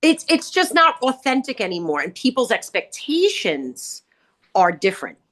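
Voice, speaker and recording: A middle-aged woman telling salon stories in casual podcast chat, acting out quotes with big jumps in pitch. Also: sing-song, moderate pace, fairly bright tone. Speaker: guest author, salon owner.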